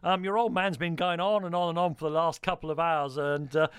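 A man's voice: on the high side, level tone, a little fast, clear, resonant tone, dry recording. A man hosting a radio talk show, chatty and joking, with frequent fillers and restarts. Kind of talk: radio interview. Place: radio studio.

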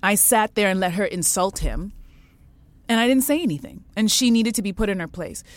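A woman co-hosting a podcast, telling a story in casual chat, animated and blunt with the odd swear word. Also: mid-range voice, a little fast, no echo. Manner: animated storyteller, swings into loud quoted outbursts, swears. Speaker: podcast co-host.

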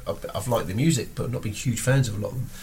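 A man's voice: mid-range voice, fast, a little mellow, a little hiss or hum. A middle-aged man chatting bluntly on a podcast, swearing freely and rambling through anecdotes. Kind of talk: casual chat.

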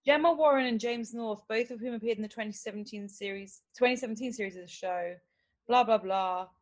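A woman hosting a podcast, quizzing her guests in a teasing, animated way. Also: a little high, fairly quick. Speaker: podcast host. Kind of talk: casual chat.

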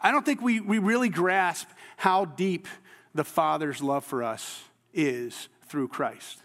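Earnest high-voiced pastor in a reverberant hall. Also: male voice, slow, a bit bright. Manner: conversational and earnest, with restarts and emphatic bursts. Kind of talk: sermon.

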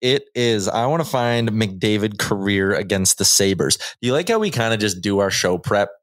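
A man co-hosting a live sports chat show, rattling off numbers at a rapid clip. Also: on the low side, animated, no echo, studio quality. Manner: rapid-fire, rattling off stats. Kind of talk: casual live-stream chat.

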